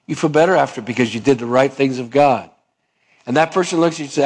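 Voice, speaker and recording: A man's voice: medium pitch, quick pace, slightly rough. A man preaching a sermon as pastor, asking the congregation questions and acting out little dialogues in changing voices. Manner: acts out dialogues with shifting voices; calls for amen, asks the congregation questions.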